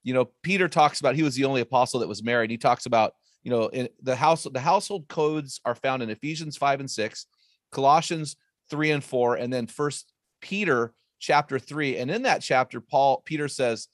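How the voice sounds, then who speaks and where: A man's voice: medium pitch, no room sound. Guy preaching-style in a podcast chat, punchy and emphatic, dry close sound, mid voice. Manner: energetic, emphatic, quick bursts and repeated phrases. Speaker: guest author and speaker. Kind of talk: emphatic faith-based storytelling.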